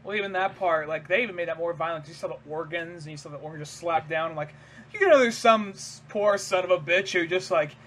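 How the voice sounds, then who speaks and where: Bright-voiced rambling podcast guy. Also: on the high side, fast talker. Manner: rambling, laughing, swearing, acts out quotes. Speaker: podcast co-host. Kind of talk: casual chat.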